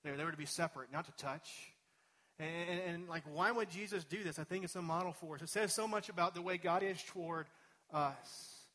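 Male pastor, fairly high voice, casual sermon delivery that swells to emphatic peaks. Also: fairly quick, sharp tone. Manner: conversational preaching, building to emphatic peaks.

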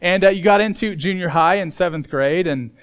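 Man preaching, somewhat high voice, middle-aged, from Indiana, lively storytelling, loud punches and soft asides. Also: a little fast, clear, resonant tone. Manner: storytelling, swings from loud emphasis to quiet earnest asides. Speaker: pastor. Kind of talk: sermon.

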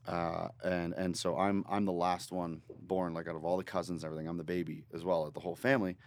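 A man from Northern Ontario, a guest musician telling a rambling, animated story in a casual studio interview. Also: deep voice, fast. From Northern Ontario, Canada. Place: recording studio.

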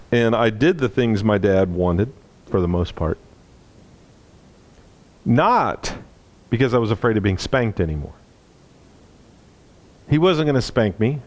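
A man preaches a sermon, earnestly sharing a personal story and letting his voice drop low and soft at the tender moments.

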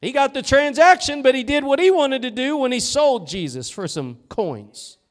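High-voiced preacher man. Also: expressive, moderate pace. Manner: fervent preaching with swings from loud to hushed. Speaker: pastor. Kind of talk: sermon. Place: church sanctuary.

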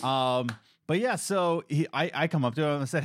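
A man's voice: medium pitch, fast, a little hiss or hum. A young man co-hosting a casual podcast, telling jokey stories and acting out the voices of people in them. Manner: animated, jokey storytelling with mimicked voices. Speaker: podcast co-host.

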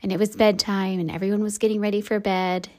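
A woman in her thirties, a podcast host, telling a candid personal story for a devotional show, reflective, with soft laughs. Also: mid-range voice, flat delivery, quick pace.

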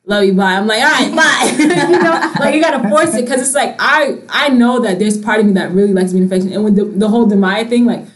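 Animated young woman in casual chat. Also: medium pitch, fast talker, few pauses. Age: young adult. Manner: animated, acts out family quotes, laughs often. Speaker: discussion participant.

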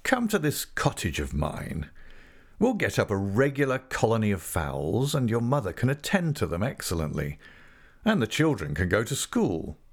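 A man reading an audiobook and voicing a persistent, domineering young gentleman, insistent and coaxing. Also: lowish voice, wildly swooping pitch, normal speed, exaggerated voice. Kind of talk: audiobook character voice.

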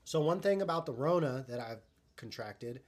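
A man's voice: medium pitch, animated, normal speed, slight background noise. A man hosting a live stream in casual chat, talking in a loose, rambling, profane way.

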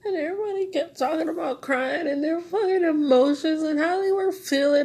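A woman's voice: sits high, normal speed, a little mellow. A young woman podcaster venting in a raw, rambling monologue, swearing and tearful.

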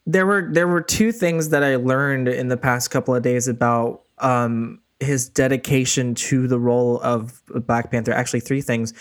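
Male co-host, mid pitch, clear tone, earnest and methodical. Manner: earnest storyteller, lays out points in order. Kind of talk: casual chat.

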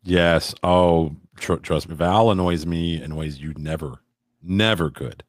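A man's voice: low-pitched, a little slow, dry recording, clean studio sound. A man in a casual podcast chat, telling rambling stories with crude jokes. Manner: rambling, crude joking storyteller.

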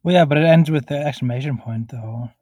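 A man's voice: fairly high pitch, fairly quick, dark tone, no room sound, low-quality recording. A man co-hosting a casual podcast review, rambling and laid-back, recording in a closet at a friend's house over a call. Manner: laid-back, rambling, lots of likes and uhs. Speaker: podcast co-host. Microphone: remote call recording.

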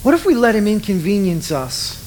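A man's voice: sits high, big pitch swings, brisk, darkish tone, slight background noise. A middle-aged man preaching a sermon in a casual, joking way, acting out the voices of the people he quotes. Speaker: pastor.

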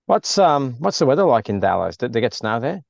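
A man's voice: mid-range voice, sing-song, fairly quick, creaky, dry recording. An Australian man co-hosting a casual whisky podcast, playful and jokey. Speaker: podcast co-host. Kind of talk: casual chat over whisky. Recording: dull, dry sound.

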